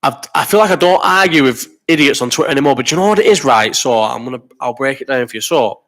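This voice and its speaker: A man's voice: medium pitch, expressive, fairly bright tone. A man in his thirties hosting a live chat, rambling and swearing while reading out viewer comments, ill with a cough. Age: 30s. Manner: rambling and sweary, quick banter. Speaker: host of a live chat stream.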